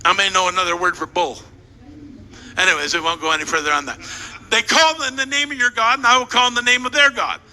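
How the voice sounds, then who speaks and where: A pastor acts out a scripture story, full of playful asides and quick directions to his helpers. His very high, sharp voice rings through a large hall with a long echo and faint background noise. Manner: animated and playful, directing volunteers and joking with the crowd. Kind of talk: sermon retelling a scripture story. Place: church hall.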